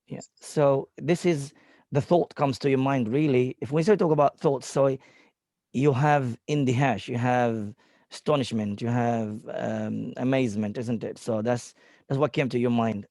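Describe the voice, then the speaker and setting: A man's voice: mid-range voice, fairly even intonation, a little mellow, dry recording, studio quality. Patient male Arabic teacher on a call. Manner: patient, reads Arabic slowly word by word. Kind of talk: online class feedback. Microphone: video call.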